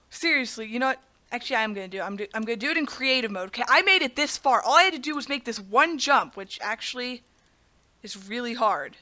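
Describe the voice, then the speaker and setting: Bright young woman, melodramatic gamer. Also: fairly high pitch, expressive, fast talker. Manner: melodramatic, self-mocking complaining; talks to the audience as "guys". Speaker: gaming channel host. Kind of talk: let's play commentary.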